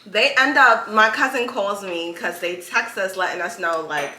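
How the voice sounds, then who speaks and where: A woman's voice: mid-range voice, normal speed, sharp tone, roomy sound, a little hiss or hum. A woman hosting a podcast, chatting casually and telling a story with lots of filler words. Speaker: podcast host. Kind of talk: casual chat.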